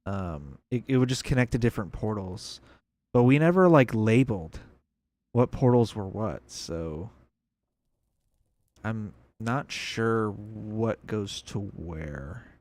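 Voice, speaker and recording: A man's voice: on the low side, expressive, slow pace, a little mellow. A young man giving casual, rambling commentary on a video game as he plays, thinking aloud. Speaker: gameplay video creator.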